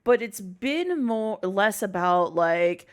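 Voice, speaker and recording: A woman's voice: mid-range voice, lively intonation. A woman hosting a casual podcast chat, rambling and swearing freely. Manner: swearing, rambling, quick asides. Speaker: podcast host.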